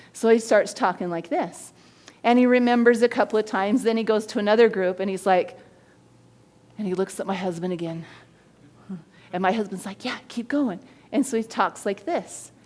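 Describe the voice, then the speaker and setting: A woman hosting a body language show, teaching in an energetic way and acting out the people in her stories. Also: medium pitch, moderate pace. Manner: animated storyteller who acts out quoted voices.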